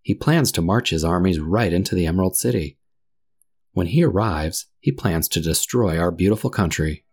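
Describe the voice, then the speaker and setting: A man voicing a solemn, sad male tin man in a storybook reading, speaking gravely. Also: low-pitched, animated, normal speed. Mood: gloomy. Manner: grave, somber delivery.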